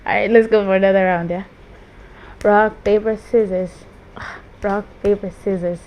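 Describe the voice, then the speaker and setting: A young woman hosting a casual chat, giggly and quick when nervous. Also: medium pitch, fairly even intonation, a little mellow. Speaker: host.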